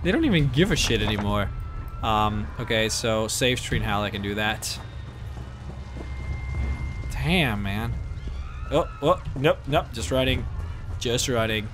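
A man commenting on a video game as he plays, excitable and swearing freely. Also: medium pitch, a little slow, pauses often, music in the background. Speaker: let's play host. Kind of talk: gameplay commentary.

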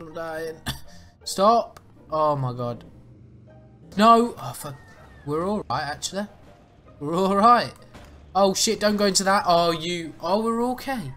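A man's voice: a little high, fairly bright tone. A man commentating a video game as he plays, swearing often, laughing and yelping in panic. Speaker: gaming YouTuber. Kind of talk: let's play commentary.

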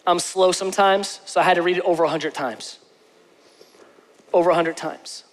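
Pastor, male, high voice, emphatic preaching full of repetition, church-hall echo. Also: fairly even intonation, normal speed. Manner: emphatic, repeats phrases, swings between soft and shouted. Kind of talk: sermon. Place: church stage before a congregation.

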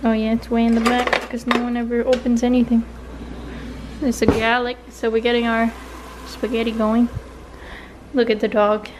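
A woman's voice: fairly high pitch, monotone, normal speed, pauses often. A woman chatting casually in a home vlog from her kitchen, giggly and hiccuping as she talks. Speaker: vlogger. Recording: home video with audible kitchen noise.

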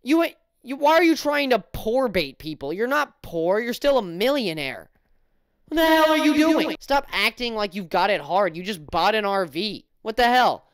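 A man's voice: high-pitched, big pitch swings, normal speed, few pauses, a bit bright, clear, resonant tone, no room sound, studio quality. A man doing casual mocking commentary, sarcastic and exasperated, rambling with restarts. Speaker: commentary YouTuber.

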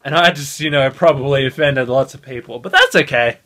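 A young man vlogging into a phone held at arm's length, excited and swearing a lot. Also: mid-range voice, brisk. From Australia. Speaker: gaming channel host. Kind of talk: casual vlog.

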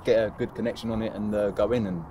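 A man's voice: fairly low pitch, steady tone, fast talker, heavy background noise. A man, a footballer reminiscing in a casual interview, rambling with lots of fillers and laughs. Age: 30s.

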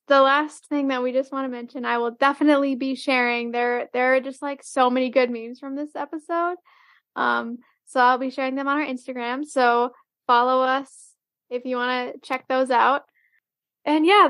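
High-voiced woman podcast co-host. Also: fairly bright tone, no room sound, clean studio sound. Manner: rambling, many fillers. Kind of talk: casual podcast chat.

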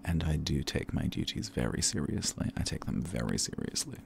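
A man rambling candidly and campily in a relaxed ASMR chat, drifting into soft whispers, tired and a little tipsy. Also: very deep voice, a little fast, gravelly, a little hiss or hum. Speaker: ASMR creator.

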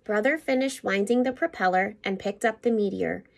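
Principal, woman, storybook read-aloud for kids; expressive, teacherly. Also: mid-range voice, moderate pace, gravelly. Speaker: school principal. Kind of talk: reading a picture book aloud to children.

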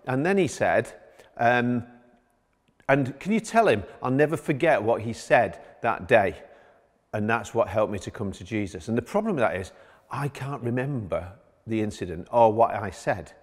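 Middle-aged pastor in an echoing hall. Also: male voice, mid-range voice, animated, moderate pace. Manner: conversational storytelling. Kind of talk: sermon. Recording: long hall reverb.

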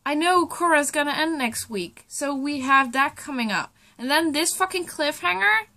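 A young woman on a reaction vlog, choked up and tearful, talking in halting, broken sentences that trail off, with plenty of swearing. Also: sits high, expressive, bright, forceful tone. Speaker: vlogger.

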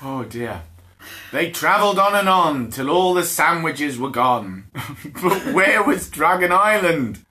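A man's voice: a little high, animated, slow, pushed and bright. A man hosting a live-streamed bedtime story for small children, reading aloud playfully with laughs and put-on character voices. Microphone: phone or camera for a live stream.

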